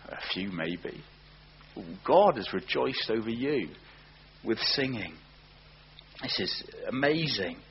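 A man preaching a sermon, earnest, often slowing down and repeating words for emphasis. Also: lowish voice, very animated. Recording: dull lo-fi recording with faint hum.

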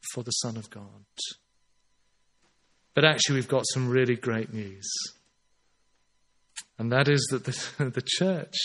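Earnest man preaching a sermon. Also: mid-range voice. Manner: earnest, emphatic, slows on key phrases.

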